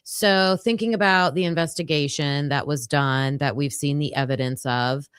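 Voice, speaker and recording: A woman's voice: deep voice, normal speed, smooth, dry recording. A woman hosting a true crime livestream, chatting casually and flustered while sorting out her computer setup. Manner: flustered, chatty, self-talking while fixing tech. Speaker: true crime show host.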